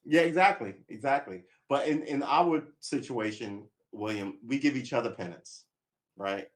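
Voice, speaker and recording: A man's voice: medium pitch, moderate pace. A man chatting casually on a live stream, rambling and making wry jokes.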